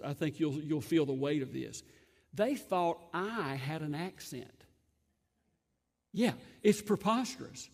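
A man's voice: a little high, gravelly. A man with a Southern US accent preaching a sermon as pastor, folksy, with joking asides. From Southern United States. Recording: long hall reverb.

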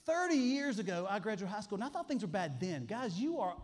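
Preaching a sermon full of emphatic call-and-response lines, this Alabama man in his 40s has a high-pitched, sing-song voice and a brisk delivery. Slight background noise and a long hall reverb color the recording.

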